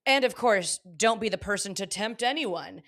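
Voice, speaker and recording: A woman with a Valley girl lilt, talking in a casual podcast chat. She is open and lively, laughing often and circling back to restart her sentences, at an everyday middle pitch. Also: moderate pace. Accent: Southern California Valley girl. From Los Angeles. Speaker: podcast guest, comedian.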